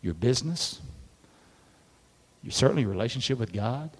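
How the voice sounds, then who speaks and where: A man preaching a sermon as a pastor, animated and leading the congregation in call-and-response. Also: mid-range voice, moderate pace. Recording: long hall reverb.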